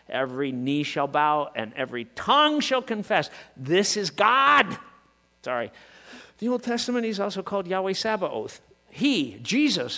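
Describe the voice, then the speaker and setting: A man preaching a sermon to his congregation, asking rhetorical questions and working up to shouts. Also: sits high. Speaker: pastor. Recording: long reverb, hall.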